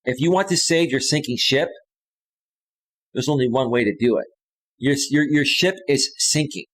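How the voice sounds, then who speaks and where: A man's voice: mid-range voice, normal speed. A man in his thirties hosting a live stream as a coach, ranting in a heated, combative way and repeating his phrases, close to a studio microphone. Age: 30s. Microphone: close studio microphone with a limiter.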